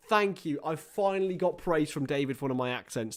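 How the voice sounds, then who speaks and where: A young man hosting a live football watchalong, excitable and joking, swearing, reading out viewer chat, a little tired after hours on stream. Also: on the high side, a little fast. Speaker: livestream host commentating a football match. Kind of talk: casual live watchalong commentary.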